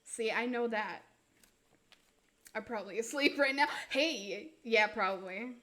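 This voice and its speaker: A woman's voice: on the high side, a little slow, sharp tone. A woman live-streaming tarot readings, chatting casually in a giggly, self-mocking way while she keeps trying silly accents.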